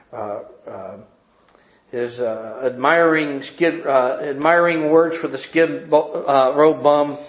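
A man reading a story in a roomy hall. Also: medium pitch. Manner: earnest, slowing and softening at tender moments. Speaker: preacher. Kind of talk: reading a story aloud in a sermon. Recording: roomy, dull sound.

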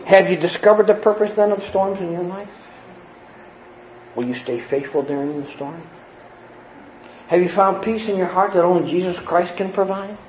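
A man from the United States preaching a sermon, telling a childhood story with lively shouts and acted-out voices. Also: high-pitched, normal speed, long pauses, echoey room, highs cut off, slight background noise. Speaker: pastor.

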